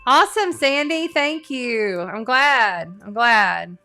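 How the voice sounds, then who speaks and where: A woman's voice: a little high, expressive, slow, pushed and bright, faint music behind. A middle-aged woman, an astrologer and tarot reader, chatting casually on a live stream, earnest and talkative with lots of fillers and restarts. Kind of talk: casual live-stream chat reading viewer comments.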